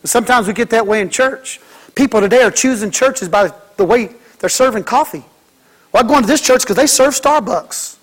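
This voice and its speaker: High-pitched preacher guy, folksy sermon, does little voices for kids and church folk. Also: brisk. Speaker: pastor.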